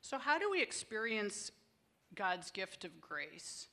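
A woman's voice: mid-range voice, sing-song, slow, bright, forceful tone. Earnest woman giving a heartfelt testimony. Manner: earnest, conversational, emotional storytelling. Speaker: women's ministry speaker. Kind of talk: personal testimony talk.

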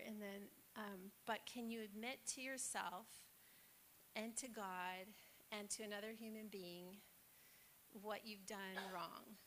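Woman, devotional talk, encouraging, conversational, faint hiss. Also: mid-range voice. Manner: warm, encouraging, conversational, with many fillers.

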